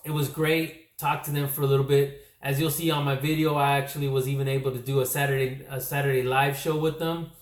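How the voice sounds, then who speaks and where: A man from California telling a casual vlog recap, rambling and correcting himself, his voice slightly worn from yelling. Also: mid-range voice, little pitch movement, brisk, hardly any pauses. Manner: rambling, self-correcting storyteller. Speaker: comic book vlogger. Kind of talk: casual recap talk to camera. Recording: echoey room.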